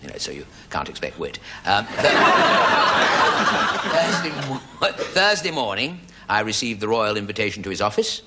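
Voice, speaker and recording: Deadpan man telling a comic story. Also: on the low side, moderate pace, very noisy. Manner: deadpan storytelling with put-on voices. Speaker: comedy sketch presenter. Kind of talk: comic monologue before a studio audience.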